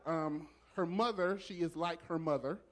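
High-voiced pastor man preaching. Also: normal speed. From Southern California. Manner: preacherly call and response, loud exclamations. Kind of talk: church welcome speech. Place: church sanctuary.

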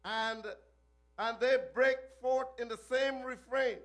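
A male preacher recounting a vision in an archaic biblical cadence, breaking into shouted refrains. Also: extremely high pitch, fairly even intonation, slow.

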